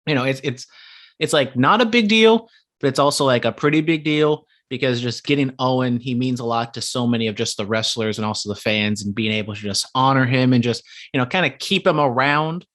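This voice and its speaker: A man co-hosts a casual chat podcast in an ordinary mid-range voice. He teases his friends wryly and keeps a deadpan delivery. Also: medium pitch, fairly quick. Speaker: podcast co-host.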